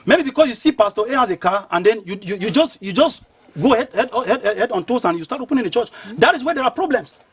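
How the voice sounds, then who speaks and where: A man's voice: very high voice, lively intonation, fast, husky, no room sound. A man, a pastor arguing as a guest in a heated panel debate, insistent and repeating words to hold the floor.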